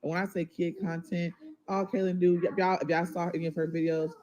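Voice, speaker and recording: A woman's voice: fairly low pitch, flat delivery, brisk, darkish tone, low-quality recording. A mother talking to viewers on a livestream, rambling and emotional, often turning to the audience with y'all. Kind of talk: casual livestream talk to viewers.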